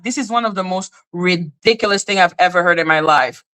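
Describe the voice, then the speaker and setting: Reacting to her chat in a casual livestream rant, this host comes across as blunt, sarcastic, and ready for a fight. She speaks at a moderate pace with a lowish, fairly even voice that is sharp, clear, and resonant, but the audio quality is poor.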